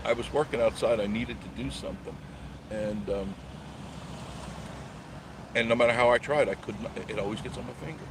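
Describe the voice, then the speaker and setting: A man's voice: medium pitch, moderate pace, long pauses. A man hosting a casual live stream from inside his car, rambling, joking and answering viewer comments, recorded on a phone on a gimbal. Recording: clear traffic noise behind the voice.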